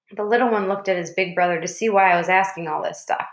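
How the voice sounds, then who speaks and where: Woman reading a story aloud, echoey. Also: lowish voice. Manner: plain, measured storytelling. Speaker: audiobook reader. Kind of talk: storybook narration as a boy. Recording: roomy echo.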